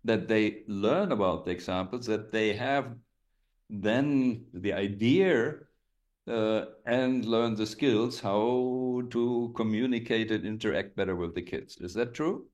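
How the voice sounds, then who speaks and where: Halting man asking interview questions. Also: on the low side, darkish tone. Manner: halting, with many "uh" fillers while forming questions. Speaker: interview host.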